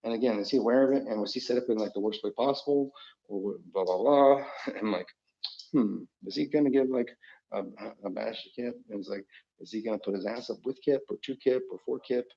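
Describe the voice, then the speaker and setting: Man on a solo livestream, rambling and profane, lurching from loud to muttered; gravelly, dull lo-fi sound. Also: lowish voice, fast. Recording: dull lo-fi recording.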